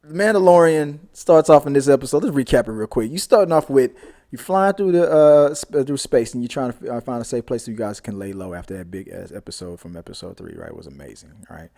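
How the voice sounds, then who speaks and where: Animated man recapping a TV episode. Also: mid-range voice, fast talker, creaky. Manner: animated, repeats himself, acts out scenes. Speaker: show host, TV reviewer.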